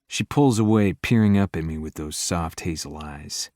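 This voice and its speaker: A man narrating a first-person romance audiobook in a low, intimate delivery. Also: moderate pace, a little mellow, dry recording, clean studio sound.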